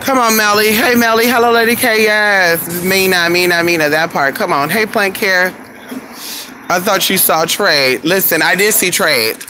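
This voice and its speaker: A man's voice: sits high, moderate pace, pushed and bright. A man live-chatting with viewers from his car, sassy and profane, calling them "honey" and saying he is losing his voice. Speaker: vlogger. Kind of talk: casual live-stream chat. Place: in a car at a gas station. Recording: noisy phone audio in a car. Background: car and traffic noise.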